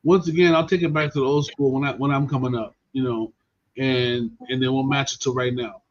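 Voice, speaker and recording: A man hosting a podcast, telling stories in a casual, animated and profane way. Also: mid-range voice, brisk. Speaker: podcast host. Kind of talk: casual storytelling chat. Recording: dull lo-fi stream audio.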